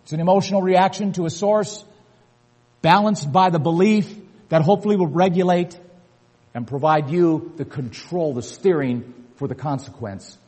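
An older man preaching a sermon with emphasis, repeating key words and building to forceful peaks. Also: fairly high pitch, moderate pace. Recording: long hall reverb.

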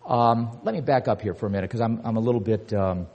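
An older man preaching a sermon with emphasis, repeating key words and building to forceful peaks. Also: on the low side, fast, dull audio. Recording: long hall reverb.

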